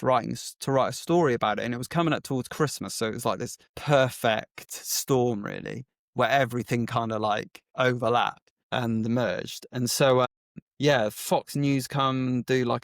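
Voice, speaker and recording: A man tells his story as a podcast guest, lively and chatty, acting out each exchange with plenty of "like" along the way. His voice sits at a mid pitch and sounds close and dry, with no room echo at all. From England. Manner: animated storyteller who acts out quoted exchanges, frequent "like" fillers. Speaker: guest, agency founder. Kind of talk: casual storytelling interview.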